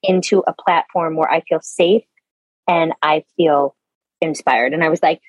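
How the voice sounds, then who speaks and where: Guest: woman, lower voice, animated casual talk with swearing, dry lo-fi recording. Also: normal speed, no echo. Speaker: podcast guest, founder. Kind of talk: casual conversational interview.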